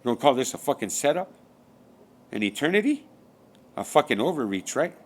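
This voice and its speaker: Sing-song delivery at a normal speed marks this man's medium-pitched voice. In a rambling spiritual monologue, he swears often and poses rhetorical questions, then repeats them.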